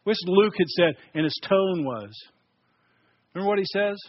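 A man preaching a sermon as pastor, emphatic, dropping loud and soft and repeating words as he builds points. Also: high-pitched, moderate pace, no echo, lo-fi sound.

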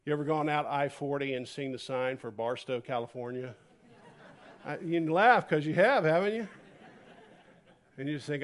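A man preaching a sermon, dropping to a hush and then rising to near-shouts as he acts out a scripture story. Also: a little high, moderate pace. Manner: animated, swings from hushed to loud. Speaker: pastor. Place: church.

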